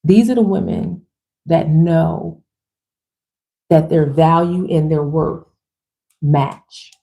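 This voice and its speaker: This motivational speaker has a low-pitched, gravelly, dark-toned voice and takes things slowly. Addressing the women watching her livestream directly, she delivers a fired-up, emphatic pep talk full of slang, chatty phrasing, and casual swearing.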